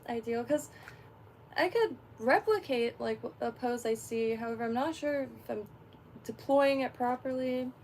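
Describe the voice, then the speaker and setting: This Florida fishing livestreamer's voice sits on the high side and sounds a little mellow, at a normal speed with a faint hiss or hum. She rambles through casual stream chat, laughing often and using plenty of fillers.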